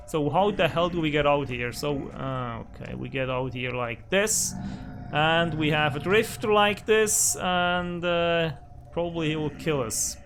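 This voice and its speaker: A man's voice: a little high, measured pace, fairly bright tone, faint music behind. A man hosting a let's play, commenting on his survival game and swearing at it in frustration. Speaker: gaming channel host. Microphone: desk microphone.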